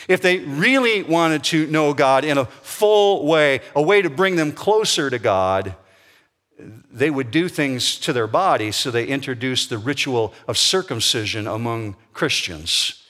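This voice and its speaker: A man's voice: medium pitch, fairly bright tone. A man preaching a sermon as pastor, blunt and emphatic in a conversational way. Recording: long hall reverb.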